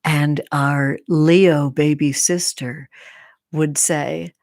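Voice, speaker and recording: A woman hosting a casual live stream, chatting playfully with viewers and slipping into soft whispers and remembered cheers. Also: low-pitched, slow, no echo, studio quality. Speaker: tarot content creator, live stream host.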